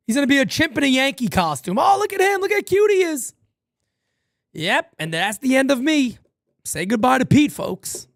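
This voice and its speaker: A man's voice: high voice, no room sound, clean studio sound. A male livestream host calling a baseball game as fan play-by-play, rambling between tangents in a loose, profane way. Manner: animated, rambling, swears casually. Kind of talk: live fan play-by-play commentary.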